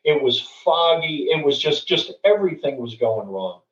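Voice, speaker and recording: A man's voice: on the high side, sing-song, moderate pace. Earnest middle-aged man in an echoey room. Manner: earnest, with frequent restarts and repeated words. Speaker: guest speaker. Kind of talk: conversational storytelling and advice. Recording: dull, distant, roomy recording.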